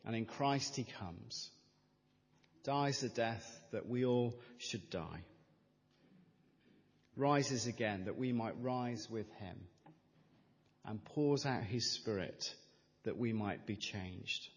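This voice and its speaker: A middle-aged male pastor preaches a sermon at an unhurried pace. His delivery is measured and emphatic, leaning on repeated phrases. The voice carries a long reverberant tail from a church hall. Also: on the low side.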